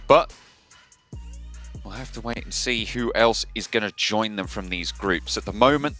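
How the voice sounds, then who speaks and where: A man's voice: lowish voice, fairly bright tone. A man casting esports live, steadily analysing the standings. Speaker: esports caster. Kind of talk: live game commentary.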